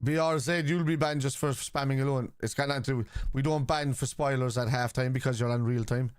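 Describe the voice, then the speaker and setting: A man's voice: mid-range voice, fairly even intonation, brisk, clear, resonant tone, no echo. Give me a chatty man from Liverpool on a livestream, reading out comments in a dry, close recording. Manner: chatty, rambling, teasing commenters. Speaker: watchalong streamer reading live chat. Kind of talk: casual live-stream chat.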